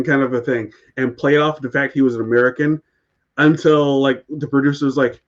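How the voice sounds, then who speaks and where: Casting note: man, podcast co-host, animated storyteller, slightly muffled lo-fi sound. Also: mid-range voice, a little fast. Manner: animated anecdote-telling, laughs often. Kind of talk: casual chat.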